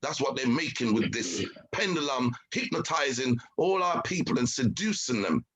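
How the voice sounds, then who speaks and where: A man's voice: medium pitch, very animated, moderate pace, a bit bright, slightly rough, rough recording. A man, a show host, giving an impassioned talk, emphatic and preachy with many rhetorical questions. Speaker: show host, guest speaker. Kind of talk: impassioned talk on identity and culture.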